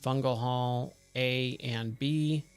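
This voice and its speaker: A man's voice: medium pitch, fairly even intonation, slow, smooth, faint music behind. A man giving casual, rambling commentary as he streams a game, thinking aloud and wandering off into tangents. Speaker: gaming streamer.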